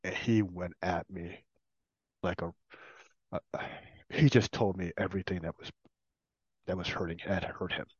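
A middle-aged man sharing his personal recovery story in an earnest, reflective way, in short halting phrases. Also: sits low, steady tone, slightly rough, no echo. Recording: dull, dry recording.

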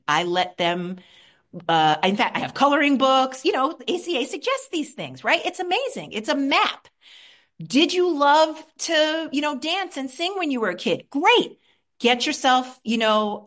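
A woman from Queens, New York, candidly sharing her personal recovery story at a support meeting, animated and shifting between soft and lively. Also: medium pitch.

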